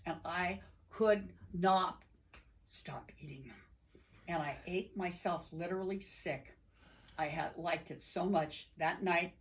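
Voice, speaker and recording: A middle-aged woman telling a personal story to an audience in an animated, playful way, talking to them directly. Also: low voice, slight background noise, rough recording. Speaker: storyteller and singer. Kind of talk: told personal story with sing-along.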